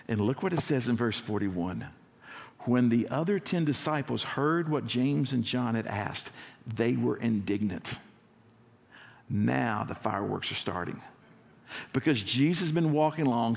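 A man, a lead pastor, preaching a conversational sermon in a church, acting out scenes and slowing down for emphasis. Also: mid-range voice, gravelly, darkish tone, long reverb tail.

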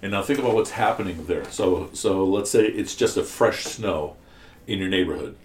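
Deep and darkish in tone, a man's voice moves at a moderate pace in a roomy space as he teaches scripture to a class. He explains things step by step, draws the students in with questions, and restarts frequently.

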